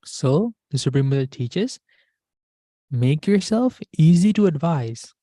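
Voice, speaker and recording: A Dhamma school teacher tells a teaching story in a warm, mellow voice. The speaker repeats key words and puts questions to the listeners. The sound is close and dry. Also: medium pitch, big pitch swings, takes it slowly, no room sound. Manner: repetitive, asks the class questions. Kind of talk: storytelling lesson.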